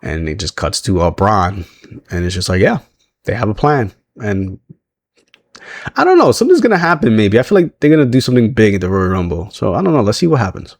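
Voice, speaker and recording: A man's voice: fairly low pitch, big pitch swings, a little fast. A man casually recapping a show, rambling with many fillers and restarts and chuckling as he retells scenes. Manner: rambling, frequent fillers and self-corrections, chuckles while retelling. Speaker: wrestling recap vlogger.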